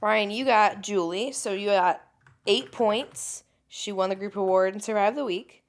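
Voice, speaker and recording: A woman with a voice of everyday pitch co-hosts a podcast in casual chat. She hesitates often, fills her pauses and lets sentences trail off as she works through her thoughts. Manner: hesitant, trailing off with many fillers. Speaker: podcast co-host.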